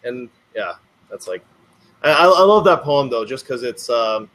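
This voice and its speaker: A man's voice: mid-range voice, expressive, unhurried, a bit bright. A man in a casual conversation, speaking hesitantly with many restarts.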